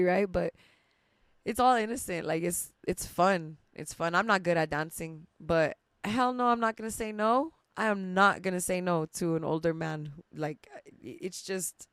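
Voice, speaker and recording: A woman's voice: lowish voice, dry recording, clean studio sound. A young woman hosting a podcast, telling a rambling personal story with lots of laughs and casual swearing. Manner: chatty and emotional, laughs often, swears casually. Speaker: podcast host.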